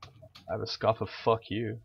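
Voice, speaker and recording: A man's voice: lowish voice, flat delivery, normal speed, gravelly. A young man gaming and chatting casually, with profane, sarcastic banter. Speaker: gamer. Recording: dull lo-fi mic with faint hiss.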